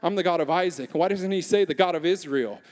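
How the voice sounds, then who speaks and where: A man preaching a sermon in a church, moving from quiet earnest talk to loud, fervent proclamation. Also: high-pitched, quick pace. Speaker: guest pastor. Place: church sanctuary. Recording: long church hall reverb.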